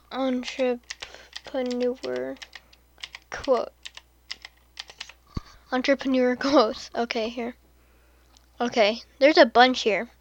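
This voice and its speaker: A woman hosting a podcast in casual commentary, sarcastic, laughing often and dropping into soft muttered asides. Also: sits high, lo-fi sound, slight background noise. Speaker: podcast host.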